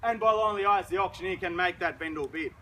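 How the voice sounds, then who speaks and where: A showy Australian auctioneer works a crowd outdoors, his voice sitting fairly high as he rolls through the sales patter. Faint street noise hums behind him. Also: fast talker, pushed and bright, rough recording.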